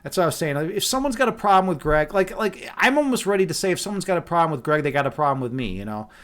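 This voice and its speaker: A man with a high-set voice chats with his stream audience in a relaxed, joking way. He wanders through his thoughts and often restarts his sentences. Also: fast talker. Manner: playful, loose, many fillers and restarts. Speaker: livestream host reading chat. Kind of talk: casual rambling chat.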